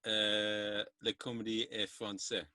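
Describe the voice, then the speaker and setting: A man hosting a podcast, asking questions in halting, hesitant French with many fillers. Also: on the low side, flat delivery, bright, forceful tone, dry recording. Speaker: podcast host. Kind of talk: casual podcast chat.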